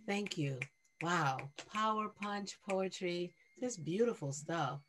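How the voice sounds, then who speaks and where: A woman facilitating an online poetry workshop over a video call, affirming and conversational, quick to praise each reader. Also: fairly low pitch, expressive, slight background noise.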